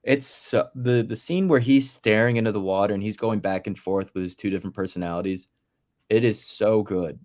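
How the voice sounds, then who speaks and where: A man in casual movie-podcast chat, enthusiastic and quick to laugh. His voice sits fairly low, and he often stalls on fillers before getting his point out. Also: a little mellow. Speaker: podcast co-host.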